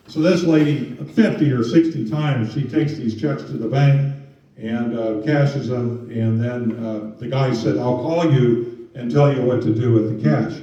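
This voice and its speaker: Casting note: man telling a story to an audience, mellow and loose, lots of uh and um, caught from a distance in a very echoey room. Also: medium pitch. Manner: conversational, with many fillers. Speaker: presenter on scams. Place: museum meeting room. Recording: roomy, distant, dull sound.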